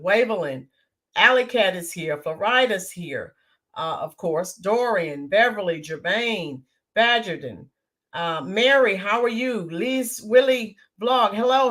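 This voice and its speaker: This livestream host from the United States chats casually, greeting her viewers one by one by name and filling gaps with lots of "ums." Her medium-pitched voice is slightly raspy after yelling the previous day.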